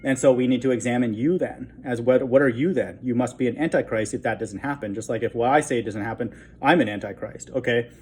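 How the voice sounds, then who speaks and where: A man's voice: mid-range voice, a little fast, hardly any pauses, darkish tone, slightly rough. A man giving an informal Bible teaching, reading verses aloud and breaking in with frequent "okay?" asides and short chuckles. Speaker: online preacher.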